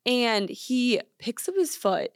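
Speaking slowly in a slightly high voice, a young podcast co-host recounts a story in the studio with no room sound. She's animated and chatty, full of "like," and performs the quotes she relays.

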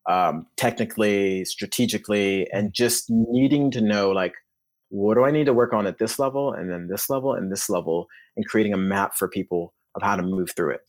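A man, a tennis coach, talking casually as a podcast guest in a loose, rambling way. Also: fairly low pitch. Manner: relaxed, rambling, acts out inner voices.

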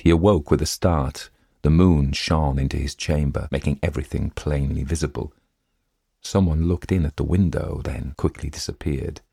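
A man narrating a classic story aloud in a measured, steady reading. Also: rumbling low, gravelly, slightly rough, dry recording, clean studio sound.

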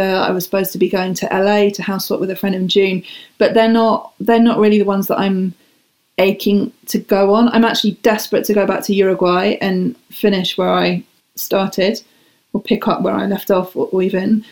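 A woman's voice: mid-range voice, darkish tone. Chatty, enthusiastic woman guest. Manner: enthusiastic, chatty, self-deprecating. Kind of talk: casual podcast chat.

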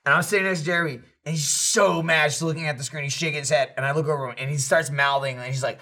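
A man co-hosting a casual podcast, telling animated office stories and mimicking coworkers. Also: fast talker. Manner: animated storyteller, mimics coworkers with high voices. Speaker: podcast co-host. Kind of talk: casual chat.

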